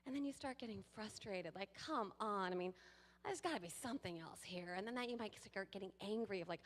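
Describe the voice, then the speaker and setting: A woman giving a sermon to a congregation, lively and playful, with laughing asides to the people in the pews. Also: medium pitch, quick pace. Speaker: guest speaker. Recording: long hall reverb.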